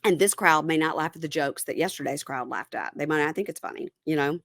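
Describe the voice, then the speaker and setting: A woman's voice: deep voice, fast, vocal fry, dry recording, clean studio sound. A woman hosting a casual reality TV recap podcast. She talks frankly and retells scenes by quoting the people in them. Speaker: podcast host.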